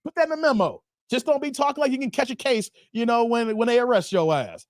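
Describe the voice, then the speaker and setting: A man's voice: extremely high pitch, expressive, fast, no room sound, clean studio sound. A man hosting a livestream, reading chat comments aloud in casual slangy banter and laughing often.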